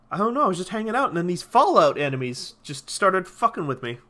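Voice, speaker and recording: A man's voice: high-pitched, sing-song, fast, few pauses, bright, forceful tone. A man streaming a video game, chatting casually with rambling, profane enthusiasm. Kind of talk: casual gameplay commentary.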